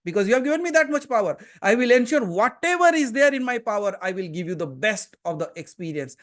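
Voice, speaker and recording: A man with an Indian accent, giving a satsang sermon as a spiritual teacher and pressing his listeners with earnest, emphatic questions. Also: sits high. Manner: switches into Hindi mid-talk. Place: seated before a gathering.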